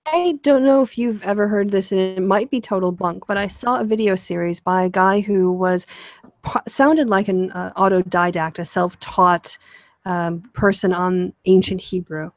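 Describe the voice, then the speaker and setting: A woman's voice: mid-range voice, moderate pace, no room sound. A woman hosting a casual conversation, explaining ideas in a rambling way with lots of fillers and restarts. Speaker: show host.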